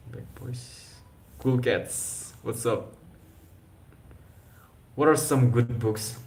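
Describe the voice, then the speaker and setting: A man's voice: on the low side, dark tone, a little hiss or hum. A young man chatting casually on a live stream, rambling with slang and restarts. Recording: echoey room.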